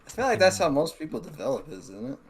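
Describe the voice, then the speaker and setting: A man's voice: a little high, big pitch swings, fast talker, slight background noise. A man hosting a podcast, chatting casually with an offhand, teasing manner. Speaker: podcast host. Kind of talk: casual chat.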